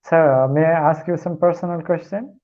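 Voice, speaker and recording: A man who is not a native English speaker, calling in as a learner and asking questions in a polite, hesitant, halting way. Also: on the high side, steady tone, dull audio. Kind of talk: deferential call-in questions.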